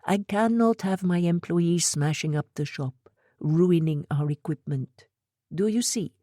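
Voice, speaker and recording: A brisk, worried middle-aged shop owner, as a woman narrator puts him on, talking in quick clipped bursts with a heavy accent. The voice sits low and level in an audiobook read, recorded close and dry with no room sound. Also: mellow, dry recording, natural voice. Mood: brisk concern. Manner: heavy accent, stilted phrasing. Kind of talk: audiobook character voice.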